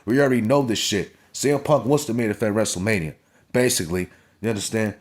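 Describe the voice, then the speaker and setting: A man's voice: lowish voice, fast talker. A young man reviewing a wrestling show in a blunt, profane casual rant, often asking "you understand?".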